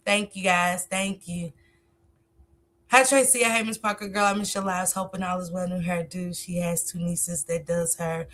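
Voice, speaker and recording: Bright-voiced woman hosting a live stream. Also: fairly low pitch, steady tone, unhurried. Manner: talkative, reads viewer comments aloud and answers them. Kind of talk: casual live stream commentary.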